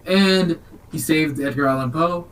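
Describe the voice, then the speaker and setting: A man's voice: fairly high pitch, a little slow, far from the mic, a little hiss or hum, poor audio. Man joking through a movie recap. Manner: animated, joking retelling. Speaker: podcast co-host. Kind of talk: casual chat reviewing a movie.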